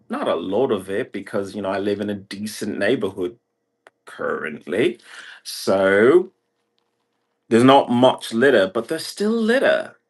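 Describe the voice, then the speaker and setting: A man's voice: on the low side, husky. A man from Brazil talking in a meandering livestream monologue, packing nearly every phrase with "like" and other fillers. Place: indoor room.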